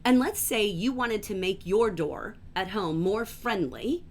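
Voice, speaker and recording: A woman teaching a livestreamed literature class from home, enthusiastic and gently emphatic, reading passages aloud slowly. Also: mid-range voice, lively intonation.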